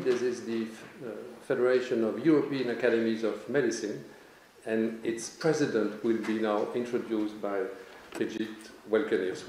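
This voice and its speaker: A man's voice: medium pitch, a little mellow. Man welcoming a conference, echoey hall. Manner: halting, self-correcting. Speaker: academy president welcoming guests. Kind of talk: formal welcome speech. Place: large lecture hall. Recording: echoey hall, faint noise.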